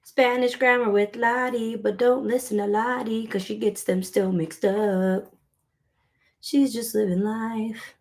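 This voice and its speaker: A woman's voice: on the high side, level tone, measured pace. A woman chatting casually at home while she crochets, rambling along with lots of filler words. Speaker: crochet vlogger.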